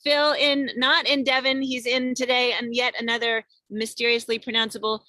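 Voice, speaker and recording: A woman's voice: fairly high pitch, level tone, normal speed, sharp tone, no echo. A woman hosting an online singing show, chatting in an upbeat way and greeting viewers by name over a video call from her car. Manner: chatty and upbeat, reading out many viewer names. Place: in a parked car on a road trip.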